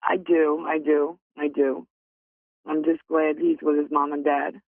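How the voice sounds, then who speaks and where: Gravelly-voiced grateful woman caller. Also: low voice, little pitch movement, measured pace, no echo. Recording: tinny phone line.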